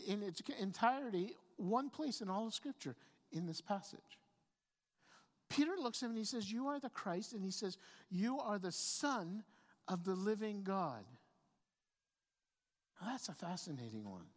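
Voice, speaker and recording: A woman pastor delivering a sermon, telling the story in a conversational way and often repeating words as she restarts her phrases. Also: a little high. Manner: storytelling preacher, frequent stammered restarts. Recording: long reverb of a large hall.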